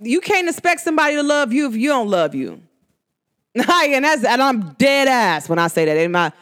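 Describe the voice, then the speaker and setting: Podcast host, woman, New York–New Jersey accent, casual and emphatic, slangy monologue with wide pitch swings. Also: sing-song, normal speed, fairly bright tone.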